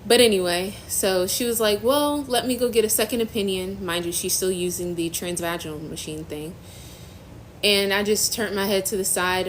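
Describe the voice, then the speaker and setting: A woman's voice: mid-range voice, fairly bright tone, slight background noise, rough recording. Emotional young woman on a phone live stream. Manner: halting, earnest, trailing off and restarting. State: emotional, near tears. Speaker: host of a faith-based live stream.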